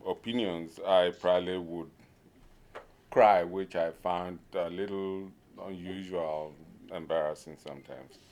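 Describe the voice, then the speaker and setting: A man from Nigeria giving an informal conference talk, pausing often to search for words, with a humorous touch. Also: deep voice, smooth. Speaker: conference speaker.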